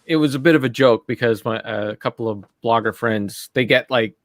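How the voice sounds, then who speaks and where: A man's voice: medium pitch, a little fast, dry recording, studio quality. A music blogger, a man, talking modestly on a video call with many hesitations. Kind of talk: casual chat on a live stream.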